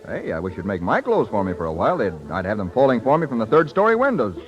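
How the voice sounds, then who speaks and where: A man's voice: lowish voice, wildly swooping pitch, quick pace. An actor playing an eager, boyish young man in a vintage radio drama, breezy and slangy. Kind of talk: 1940s radio acting. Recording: muffled old radio recording with music.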